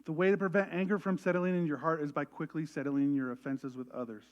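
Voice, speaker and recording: A man with a high voice preaches to his congregation, lively and animated, slipping into voices as he quotes. The sound is a little dull and lo-fi. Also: fast talker. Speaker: pastor. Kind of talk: sermon. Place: church service.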